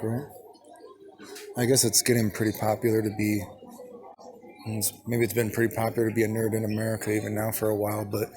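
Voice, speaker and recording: A man's voice: lowish voice, a little hiss or hum. A young man vlogging casually, sick and exasperated, rambling profanely about a bad day. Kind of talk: casual vlog rant.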